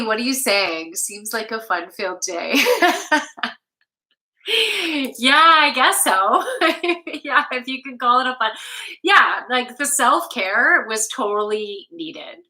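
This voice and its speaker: A woman's voice: on the high side, bright, forceful tone, rough recording. A woman from Canada, a yoga instructor, chatting casually and candidly on a live stream from home, swearing freely and laughing often. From Canada, Toronto. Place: home room.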